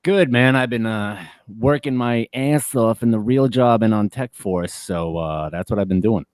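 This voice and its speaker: A man's voice: lowish voice, moderate pace, a little mellow, no echo. A man chatting easily as a guest on a livestream call, stumbling over his words with small restarts. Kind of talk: casual chat.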